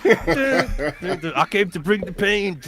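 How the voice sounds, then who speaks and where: A man's voice: high voice, very animated, a little slow, background noise. A man co-hosting a podcast, telling a story in casual slang and acting out the people in it. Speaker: podcast co-host.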